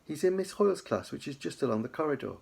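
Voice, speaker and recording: A man's voice: a little high, sing-song, quick pace, gravelly, a little mellow, husky, voice pushed up, full character voice. A man reading aloud voices a polite, flustered female schoolteacher, lifting his voice a little for her. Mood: prim.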